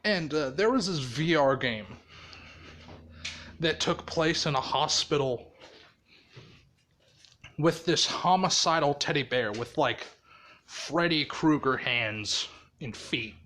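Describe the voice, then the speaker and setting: A man's voice: fairly high pitch, animated, slow pace, pauses often, pushed and bright, slight background noise. A man casually telling a fan story, rambling and swearing, with frequent laughter. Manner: rambling, profane, laughs often.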